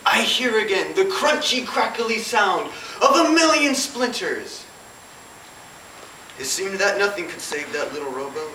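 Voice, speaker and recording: A woman's voice: medium pitch, very animated, measured pace, bright, forceful tone, echoey room, far from the mic, a little hiss or hum, poor audio. A woman delivering a comic competition speech in mock-grand oratory. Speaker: competition speaker.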